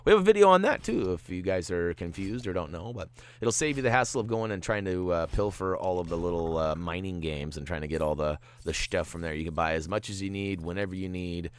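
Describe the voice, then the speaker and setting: Deep-voiced, playful game walkthrough host. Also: male voice, brisk, smooth, no room sound. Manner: playful and jokey, with goofy asides. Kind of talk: gameplay commentary.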